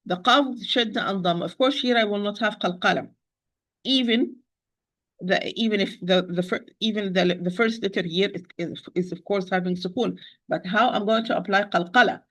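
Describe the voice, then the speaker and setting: A woman teaching Quran recitation in an online lesson, patiently repeating words slowly to demonstrate pronunciation. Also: medium pitch, a bit bright, rough recording. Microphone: computer, teaching over a shared screen.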